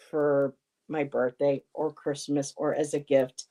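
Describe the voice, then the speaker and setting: A woman's voice: low-pitched, fairly even intonation, measured pace, dark tone. A woman vlogger chatting casually to viewers, telling a rambling story full of ums and reading comments aloud. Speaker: tarot and oracle card vlogger.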